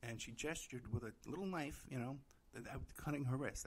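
A man's voice: mid-range voice, fairly quick, a little hiss or hum. A middle-aged man hosting a podcast, telling a rambling story in casual chat, full of "you know" fillers and acting out quoted voices. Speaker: podcast host.

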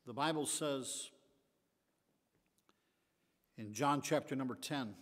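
An older man, the pastor, teaching a Bible study in a folksy preaching style, rising to emphatic bursts and then dropping to quiet asides. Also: medium pitch, takes it slowly, long pauses. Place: church sanctuary. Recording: long echoey hall reverb.

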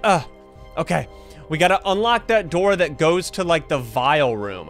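A man's voice: a little high, lively intonation, unhurried, fairly bright tone, faint music behind. A young man hosting his gaming channel, giving jumpy, panicky commentary full of gasps and yelps as he plays. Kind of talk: excited gameplay commentary.

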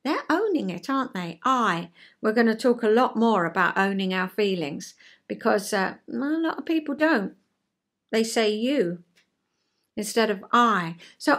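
An older woman talking through a lesson in an easygoing, chatty vlog. Her higher voice swings up and down with great liveliness. She takes her time and keeps asking her listener homely rhetorical questions. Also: sing-song, unhurried. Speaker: retired counsellor and vlogger. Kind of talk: chatty explanatory vlog talk.

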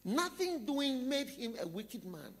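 A man preaching a sermon, telling a story and putting questions to his listeners, often dropping low and quiet. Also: very animated, measured pace.

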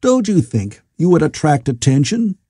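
A man's voice: a little high, very animated, moderate pace, mellow, husky, no room sound, voice pushed up. A man reading the part of a practical Victorian doctor who speaks in a dry, matter-of-fact way.

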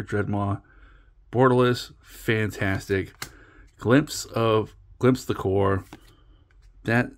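Brief: male channel host, mid-pitched, loose self-mocking commentary while cracking packs. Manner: rambling, self-mocking, stumbles over card names. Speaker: card-opening channel host. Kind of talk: casual pack-opening commentary.

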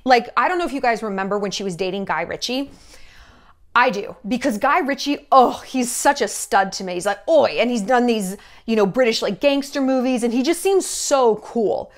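A woman's voice: a little high, lively intonation, moderate pace. A woman in her thirties talking in a blunt, gossipy, profane way in a casual commentary vlog. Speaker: YouTube commentator.

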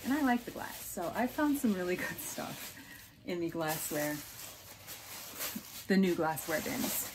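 A woman's voice: fairly low pitch, big pitch swings, a little slow, long pauses, background noise. A woman casually showing off her thrift haul, chatty and gushing over small finds, with hiccups now and then. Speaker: resale vlogger. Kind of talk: casual show-and-tell haul.

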